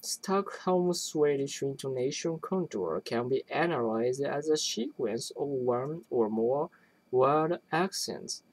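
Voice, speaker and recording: A person reading an academic linguistics text aloud, haltingly, often restarting words and phrases. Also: mid-range voice, expressive, darkish tone, low-quality recording.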